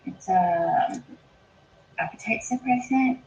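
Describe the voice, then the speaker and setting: Woman guest, gravelly voice, calm storyteller, dull lo-fi audio with faint hiss. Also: medium pitch, slow pace. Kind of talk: casual chat.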